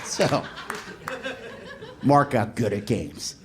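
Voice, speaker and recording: A man performing a stand-up comedy set, telling animated stories and acting out voices. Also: mid-range voice, normal speed. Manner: animated, storytelling, lots of voices. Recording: noisy live club recording.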